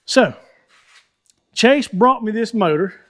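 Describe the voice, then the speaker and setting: A man, hosting a car-building vlog from his shop, chatty and folksy as he thinks out loud while he works. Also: high voice, lively intonation, slow. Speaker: host of a car-building channel. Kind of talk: casual shop vlog talk to viewers.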